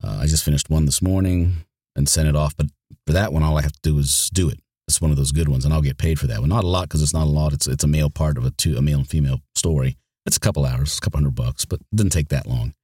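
A man's voice: rumbling low, fast, warm tone, husky, dry recording, studio quality. A man who narrates audiobooks, talking casually in an interview, rambling and restarting his sentences often. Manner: rambling, with many restarts and repeated words.

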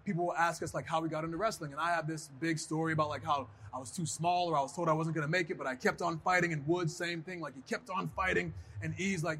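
High, bright-voiced man telling stories. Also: fast, a little hiss or hum. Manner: animated, acts out voices in his stories. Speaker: guest, pro wrestler. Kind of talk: casual interview storytelling.

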